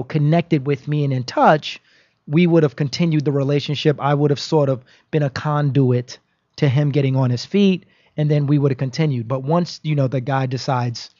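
A man's voice: on the high side, moderate pace, dry recording. A man telling stories in casual talk show chat and acting out the quoted lines of people he describes. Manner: animated storyteller, acts out quotes. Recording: dull lo-fi live stream audio.

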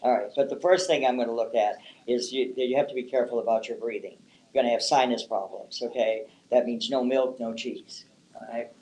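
A man's voice: medium pitch, fairly even intonation, fairly quick, a little mellow, a little hiss or hum, poor audio. An older man, a psychic and palm reader, telling rambling anecdotes in an interview and often restarting his words.

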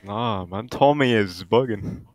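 A man's voice: on the low side, measured pace. A man from Asia in casual gaming voice chat, trolling playfully and laughing often. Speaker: gamer in voice chat.

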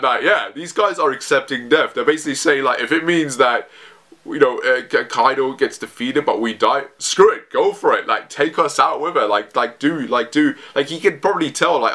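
A man's voice: mid-range voice, sharp tone. A man casually reviewing a comic chapter to camera, rambling with many restarts and fillers. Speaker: manga reviewer.

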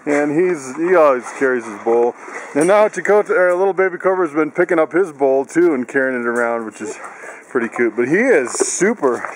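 A man casually walking viewers through his animals in a vlog, chatty and laughing often. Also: normal speed. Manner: coos in high excited tones at pets. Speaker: vlogger.

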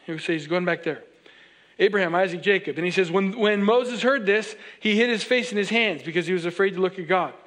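A pastor with a high, light voice delivers a sermon in a church. He moves between reading scripture and playful, animated asides where he acts out the characters, and he keeps a casual, joking tone with his congregation. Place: church sanctuary.

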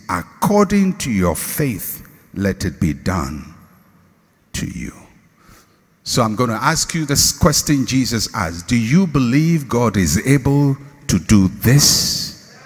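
A male pastor preaching a sermon, swinging from shouted lines to hushed, slow refrains. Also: medium pitch, very animated, husky. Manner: slow, drawn-out repeated refrains. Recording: long hall reverb.

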